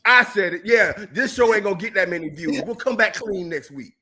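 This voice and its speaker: A man co-hosting a political talk show, in an angry, profane rant that breaks into shouting. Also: high voice, animated, fairly quick. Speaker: co-host.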